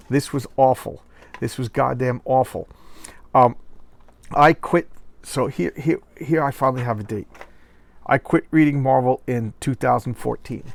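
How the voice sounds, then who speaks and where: A man's voice: mid-range voice, gravelly, dry recording. A man reviewing a comic book in a casual rant, exasperated and sarcastic, often repeating himself.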